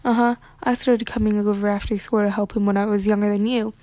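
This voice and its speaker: A woman's voice: medium pitch, level tone, fast talker, mellow, no echo, lightly acted. A woman voicing a polite, earnest young male gardener. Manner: polite, eager to please.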